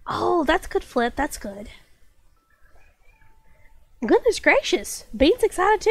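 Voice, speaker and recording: A woman's voice: very high voice, big pitch swings, takes it slowly, dry recording. A woman game streamer chatting casually and reading chat aloud, still getting over a cold with a slight cough and stuffy nose.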